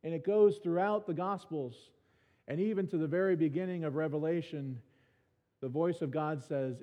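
A man's voice: on the high side, moderate pace. A male pastor preaching a sermon in a church, talking casually with dry, self-mocking humor and restarting his words often. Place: church sanctuary. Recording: reverberant church hall, dull sound.

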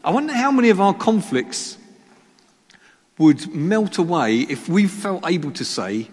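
A pastor preaches a sermon in a reverberant church hall, joking at his own expense and asking the congregation rhetorical questions. His voice is high and sing-song, unhurried, with a darkish tone and a breathy edge.

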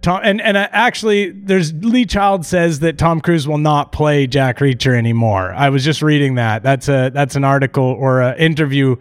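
Guy cohosting a podcast, kinda high voice, chatty, laughs a lot. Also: moderate pace, hardly any pauses, clean tone. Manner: chatty, laughs often, trailing restarts. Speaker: podcast co-host. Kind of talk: casual chat.

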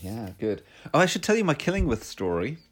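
A man's voice: medium pitch, very animated, brisk. A man from Northumberland, England, co-hosting a podcast in casual chat. He is wry and playful and laughs often. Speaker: podcast co-host. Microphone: headphones and mic, podcast.

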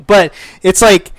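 A man in his thirties telling a story in a casual, animated way, swearing freely. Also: sits high, dry recording. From United States. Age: 30s. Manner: animated, swears freely, acts out quoted voices.

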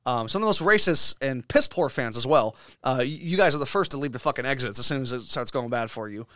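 A man hosting a casual sports podcast, talking in an excitable, opinionated way full of profanity. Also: medium pitch, quick pace, dry recording, clean studio sound. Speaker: podcast host.

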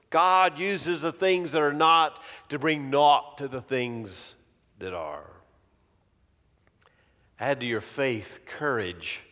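A man preaching a sermon in a slow, measured way, letting phrase ends fall away softly. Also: a little high. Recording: long reverb of a large hall.

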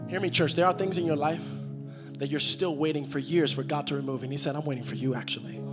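A man preaching a sermon to a live church congregation, repeating phrases and building to loud, shouted peaks. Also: a little high, fairly even intonation, quick pace, over music. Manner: engages the congregation directly.

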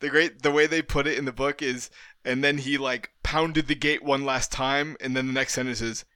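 A man's voice: medium pitch, steady tone, moderate pace, bright, forceful tone, clean tone. A man in casual chat among friends, eagerly chiming in with details from the book.

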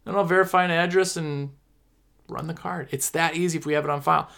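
A man, chatting casually to viewers as a sales rep and pushing his own pitch. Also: fairly even intonation, fast talker, creaky, fairly bright tone. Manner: chatty, pushy, repeats himself for emphasis. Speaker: window cleaning product sales rep.

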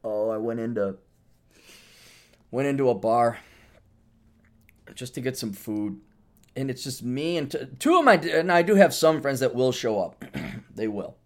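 This podcast host speaks in a mid-range voice at a measured pace with long pauses, spinning a rambling, foul-mouthed comedic monologue and performing quotes with lively energy.

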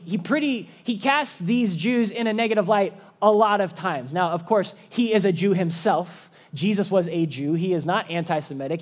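High-voiced man preaching slowly. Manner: slow, emphatic preaching with dramatic pauses. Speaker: pastor. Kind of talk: sermon.

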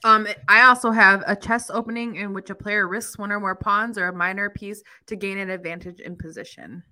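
A woman's voice: medium pitch, fairly even intonation, a little fast, bright, forceful tone. A young woman co-hosting a book podcast, chatting casually in a rambling, giggly way. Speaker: podcast co-host. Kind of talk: casual chat.

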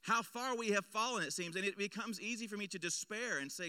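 A man preaching a sermon as pastor, swinging between loud emphatic lines and hushed low ones. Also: fairly quick, few pauses, smooth, no echo. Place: church.

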